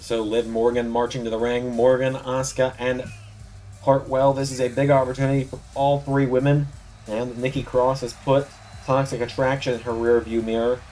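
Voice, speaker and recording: A man's voice: medium pitch, flat delivery, moderate pace, warm tone, faint music behind. A man with a sore throat doing announcer-style play-by-play commentary for a video game wrestling show. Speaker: commentator, channel host.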